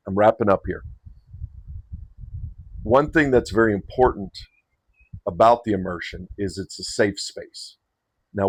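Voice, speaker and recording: A man's voice: fairly low pitch, a little hiss or hum, rough recording. A man hosting a men's retreat, giving a casual invitation to the camera with frequent restarts and self-corrections.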